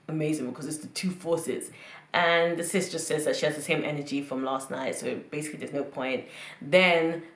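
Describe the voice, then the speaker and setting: A reality TV reviewer with a fairly low-pitched voice gives her casual, strongly opinionated views on a show, frequently repeating herself for emphasis. Her voice echoes around the room.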